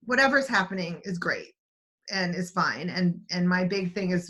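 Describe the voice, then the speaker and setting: A woman's voice: fairly low pitch, fairly bright tone. Chatty woman teaching an online writing class. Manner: chatty, rambling, many restarts. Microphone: video call.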